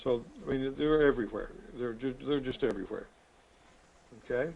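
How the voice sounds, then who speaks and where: Folksy coach on a tinny call. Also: male voice, medium pitch, normal speed, creaky. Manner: folksy, rambling, chatty. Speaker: real estate coaching host. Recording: tinny phone-like web call audio.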